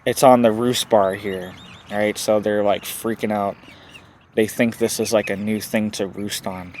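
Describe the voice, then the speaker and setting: A man's voice: on the low side, fairly even intonation, a little slow, darkish tone, slight background noise. Urgent man, chickens clucking behind. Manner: urgent, repeats "right?" often. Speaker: homesteading channel host. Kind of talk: casual direct-to-camera commentary. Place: home setup with chickens nearby.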